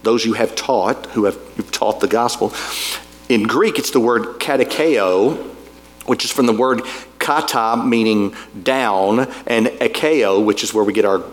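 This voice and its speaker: A man's voice: on the low side, measured pace. A man preaching a sermon in a folksy, conversational way, full of asides to the congregation. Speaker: pastor.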